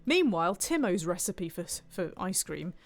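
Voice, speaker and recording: Lively, chatty woman streamer. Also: lowish voice, moderate pace, faint music behind. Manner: chatty, playful, reads chat aloud. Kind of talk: casual gameplay commentary.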